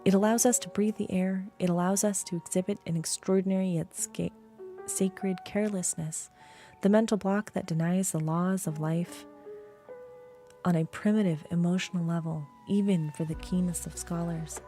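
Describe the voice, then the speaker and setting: A woman reading a story aloud on a live stream, slow and hushed, often dropping to a whisper. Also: on the low side, steady tone, faint music behind.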